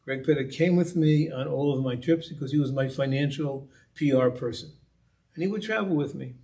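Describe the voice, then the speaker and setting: Man, guest speaker, storytelling talk, conversational, restarts and repeats, animated emphasis. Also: mid-range voice, fairly quick.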